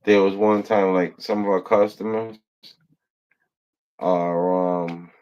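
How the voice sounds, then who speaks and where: Male livestream host, deep unhurried voice, loose laughing storyteller who curses freely. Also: fairly even intonation, a little mellow, smooth, lo-fi sound. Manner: laughs often, swears, rambling storytelling. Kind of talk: casual livestream chat.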